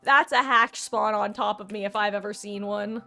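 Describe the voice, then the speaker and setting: A woman's voice: mid-range voice, steady tone, moderate pace, sharp tone. A woman streaming a video game, chatting casually with her viewers in a dramatic, talkative way as she plays. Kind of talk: casual gameplay commentary.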